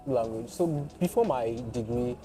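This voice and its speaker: A man's voice: mid-range voice, lively intonation, moderate pace, mellow. Young Nigerian guy, Nigerian accent, playful and self-mocking, casual interview, music bed. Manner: laughing, playful, self-deprecating. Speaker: guest content creator and voiceover artist.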